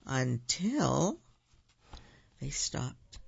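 A man reads picture books aloud in a slow, gentle way, pausing to explain things for young listeners. His voice is gravelly and husky. The recording is dull, lo-fi and dry. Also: medium pitch, big pitch swings, no echo. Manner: gentle, unhurried, explains to children. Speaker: storyteller. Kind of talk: picture-book read-aloud.

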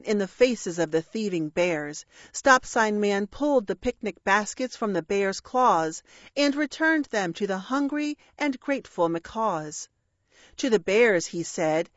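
A woman reading a rhyming children's story aloud with a measured, expressive delivery. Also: mid-range voice, no room sound, lo-fi sound. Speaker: narrator.

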